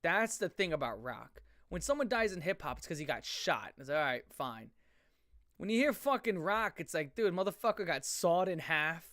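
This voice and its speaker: A man's voice: on the high side, very animated, normal speed, a bit bright, dry recording, studio quality. A man ranting on a live stream, rambling and swearing heavily, often restarting his sentences. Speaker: streamer reacting to chat. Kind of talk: profane live-stream rant.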